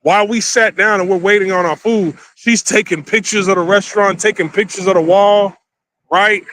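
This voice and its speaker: A man's voice: high-pitched, fairly even intonation, moderate pace, a bit bright, a little hiss or hum. A man vlogging a casual, rambling story, crude and repetitive as he talks.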